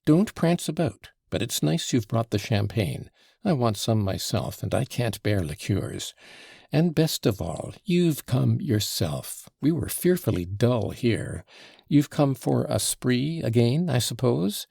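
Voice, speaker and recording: A man's voice: mid-range voice, very animated, gravelly, darkish tone, slightly rough, no room sound, studio quality, pitched above the performer's own voice, heavily acted. A man voicing Grushenka, an imperious young woman. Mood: insistent. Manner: insistent, reproachful, quick to scold.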